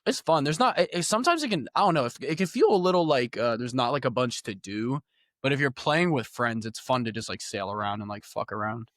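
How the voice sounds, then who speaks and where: A young man chatting on a podcast about video games, with a mid-range voice that is loose, animated and full of slang. The sound is dry and close to the mic, with no room in it. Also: medium pitch, a little fast, no echo. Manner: slangy, animated gamer talk. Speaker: podcast co-host. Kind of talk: casual chat.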